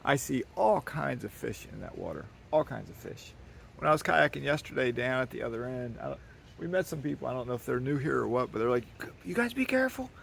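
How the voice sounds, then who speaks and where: Gravelly man touring his dock outdoors. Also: medium pitch, brisk, a bit bright, a little hiss or hum. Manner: rambling, folksy, with restarts. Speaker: vlogger giving a property tour. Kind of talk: casual walk-and-talk tour. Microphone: handheld camera carried while walking. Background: birds.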